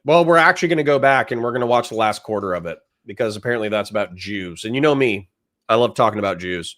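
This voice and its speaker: A man's voice: lowish voice, animated, fast, a bit bright. Profane ranting male streamer. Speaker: livestreamer reacting to a debate. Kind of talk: live-stream commentary.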